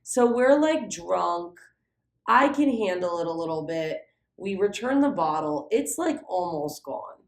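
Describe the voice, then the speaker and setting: An unhurried young adult woman with a lowish voice, recorded with a roomy sound, tells a story as a podcast co-host. She's animated and casual, with heavy use of "like" and plenty of swearing.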